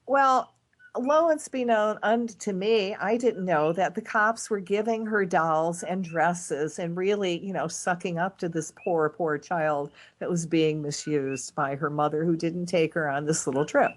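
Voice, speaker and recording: A middle-aged woman guest telling a long personal story in a casual, animated way, with big swings in her voice. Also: on the low side, a little slow. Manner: animated, dramatic swings in voice when retelling events.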